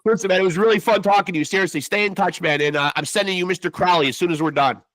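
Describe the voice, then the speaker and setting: Podcast host, man in his 50s from the US, bright and slightly high, rambling and repetitive, dry sound. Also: rapid-fire, no echo. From United States. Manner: chatty, stammering, says "man" constantly. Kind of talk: casual interview podcast.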